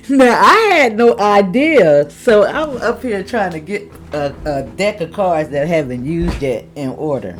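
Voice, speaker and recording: A woman giving a casual tarot reading, chatty, with laughing asides and drawn-out exclamations. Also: lowish voice, animated. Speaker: tarot reader.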